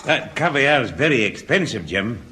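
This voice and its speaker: A man's voice: medium pitch, very animated, normal speed, sharp tone, a little hiss or hum. Flustered old grandfather. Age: older. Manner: blustering, flustered. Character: put-upon blustering grandfather, older man. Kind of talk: 1960s radio comedy acting.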